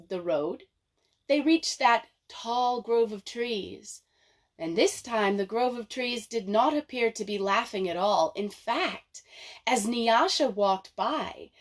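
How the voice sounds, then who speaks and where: A woman telling a folk tale aloud to children in an expressive, dramatic way. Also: mid-range voice. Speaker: librarian storyteller. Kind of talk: children's storytelling.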